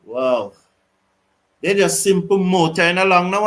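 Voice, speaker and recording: A man hosting a live cricket watch-along, mixing excited commentary with reading out viewer comments. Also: on the high side, measured pace, pauses often, low-quality recording.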